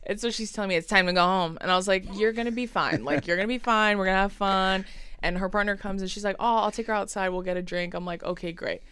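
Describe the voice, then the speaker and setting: A woman's voice: mid-range voice, fast, a little hiss or hum. A woman co-hosting a podcast, telling a story in casual chat and acting out the quotes. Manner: animated storyteller, acts out quotes. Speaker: podcast co-host.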